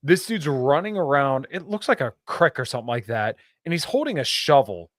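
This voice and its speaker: Laid-back, halting male podcast co-host. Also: mid-range voice, sing-song, dry recording, clean studio sound. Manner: laid-back, hesitant, repeats words. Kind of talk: casual podcast chat.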